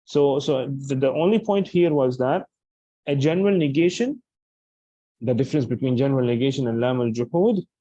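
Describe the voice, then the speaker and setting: Dark-voiced male grammar teacher. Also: medium pitch, expressive, moderate pace, no echo, dull audio. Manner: explains patiently, restating points with frequent examples. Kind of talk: explanatory lecture.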